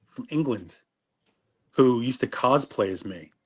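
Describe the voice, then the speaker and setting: A man's voice: mid-range voice, lively intonation, a little slow, darkish tone, breathy edge. A middle-aged man, a former wrestler telling stories in a casual interview, rambling and cutting himself off mid-sentence. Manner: rambling, self-interrupting storyteller.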